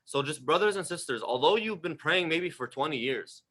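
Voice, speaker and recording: A man's voice: on the high side, expressive, normal speed, fairly bright tone. A man giving a livestreamed religious talk in a conversational, emphatic way, asking the audience questions, repeating phrases and letting his voice trail off at the end of phrases. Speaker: religious lecturer.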